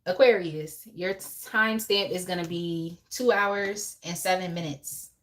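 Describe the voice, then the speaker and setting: A woman's voice: fairly low pitch, fairly even intonation, a little slow, fairly bright tone. A young woman hosting a casual live tarot reading, chatty and laughing often as she talks to viewers in the chat by name. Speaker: tarot reader on a live stream.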